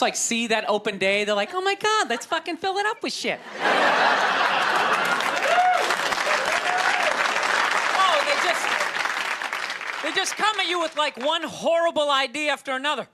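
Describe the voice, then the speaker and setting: A man's voice: very high voice, lively intonation, fairly quick. A man doing a profane, sarcastic stand-up comedy set in front of a live audience. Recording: live stand-up recording with crowd and noise.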